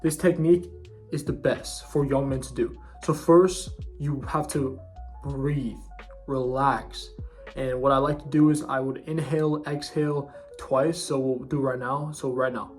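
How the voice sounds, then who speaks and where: A man's voice: medium pitch, steady tone, unhurried, faint music behind. A young man giving casual self-improvement advice in a bro-ish, slangy way, often restarting his sentences. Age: young adult.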